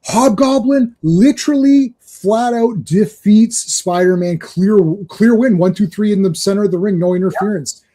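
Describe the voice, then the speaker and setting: Excitable high-voiced man chatting about comics. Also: normal speed, few pauses. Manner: rambling, excited, laughs often. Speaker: podcast host. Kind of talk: casual comics chat.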